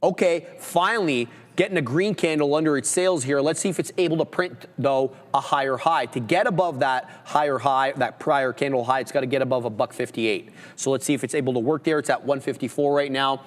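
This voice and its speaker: Male trader giving steady chart commentary. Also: mid-range voice, fairly quick, few pauses, long reverb tail. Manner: steady technical play-by-play with jargon. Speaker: host trader. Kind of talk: live trading commentary. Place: studio, livestream.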